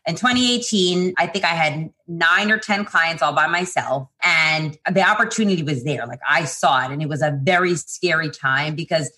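A woman who founded a PR agency, talking casually and quickly in an interview, with lots of fillers and restarts. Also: sits low, sharp tone.

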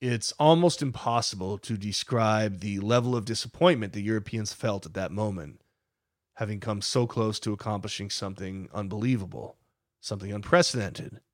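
A man's voice: on the low side, normal speed, no room sound, studio quality. A man narrating a podcast, telling the story with emphatic, dramatic builds.

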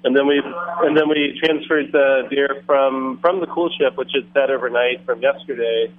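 Halting male caller on a muffled line. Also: mid-range voice, fairly even intonation, no echo. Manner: halting, struggling to hear. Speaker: caller, brewer. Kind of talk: call-in chat. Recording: muffled phone call-in line.

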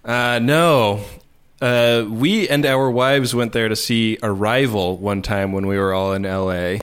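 Male co-host, lowish voice, loose chatty storyteller, filler-heavy. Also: steady tone, a little slow, a bit bright, clear, resonant tone. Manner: rambling storyteller, many fillers and laughs. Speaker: podcast co-host. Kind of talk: casual chat.

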